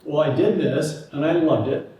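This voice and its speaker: A man giving a lecture, telling a relaxed personal story with many ums and pauses. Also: a little high. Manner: relaxed, anecdotal, with many fillers. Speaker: guest lecturer. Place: large lecture hall. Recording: echoey lecture hall, distant mic.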